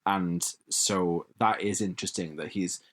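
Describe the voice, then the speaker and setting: A man's voice: low-pitched, fairly even intonation, unhurried. A man hosting a podcast, chatting enthusiastically and laughing often. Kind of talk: casual chat.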